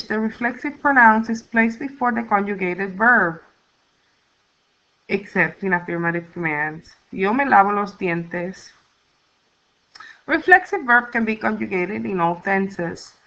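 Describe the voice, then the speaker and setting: A woman teaching a language class, explaining grammar rules slowly and clearly and sounding out syllables for students. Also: mid-range voice, bright, forceful tone. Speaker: Spanish teacher. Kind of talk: recorded classroom lesson. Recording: dull lo-fi recording.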